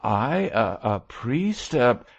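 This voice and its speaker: A man voicing an elderly white-haired bishop, speaking gravely and solemnly with a soothing firmness. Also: mid-range voice, sing-song, drawn-out words, no room sound, dull audio, pitched above the performer's own voice, full character voice.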